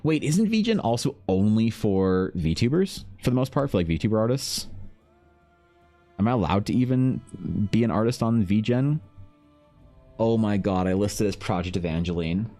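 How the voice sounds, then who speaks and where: A man's voice: fairly low pitch, lively intonation, normal speed, warm tone, faint music behind. A man from Canada, an artist streamer, chatting casually and profanely while drawing and reading chat aloud.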